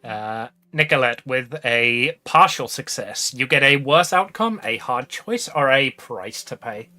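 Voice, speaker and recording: Bright-voiced woman game master. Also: rumbling low, lively intonation, a little slow. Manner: casual, rambling with many fillers. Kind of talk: narrating a tabletop game.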